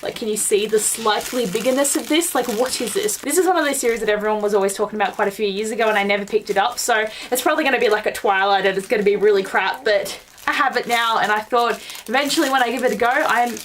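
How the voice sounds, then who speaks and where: A young woman chatting excitedly through a casual book haul vlog at home, with many fillers. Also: on the high side, quick pace, few pauses, a little hiss or hum. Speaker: book vlogger.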